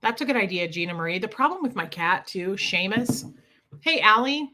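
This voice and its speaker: Woman live-stream host, husky just-woke-up voice, bright and forceful tone, casual chat greeting viewers by name. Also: mid-range voice, lively intonation, moderate pace, slight background noise.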